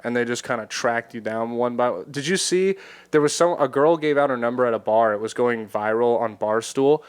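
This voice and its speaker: A man's voice: medium pitch, a little fast, smooth. A man hosting a casual comedy podcast, joking and swearing freely. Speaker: podcast host.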